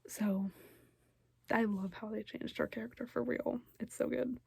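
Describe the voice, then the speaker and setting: Young woman reviewer, whispered role-play delivery, husky and close, dry room. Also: on the high side, steady tone, unhurried, no echo. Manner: soft whispery recap, many fillers. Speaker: show reaction youtuber.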